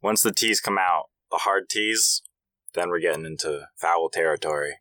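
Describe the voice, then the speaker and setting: A man's voice: low-pitched, pushed and bright, no echo. A man co-hosting a podcast in casual chat, tossing in short quips and asides. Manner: dry quick quips and asides. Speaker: podcast co-host.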